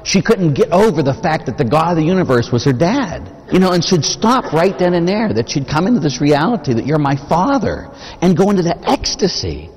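A man's voice: on the high side, sing-song, a little fast, few pauses, a little mellow, husky. A man preaching a sermon as a Catholic priest, talking conversationally and posing rhetorical questions to the congregation. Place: church. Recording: long reverb of a church.

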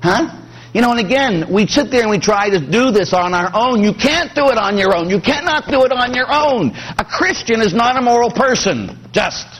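A man's voice: high-pitched, normal speed, husky. A middle-aged man from Pittsburgh, a priest preaching a sermon with jokes, acting out quoted voices. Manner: animated, joking, acts out quoted voices.

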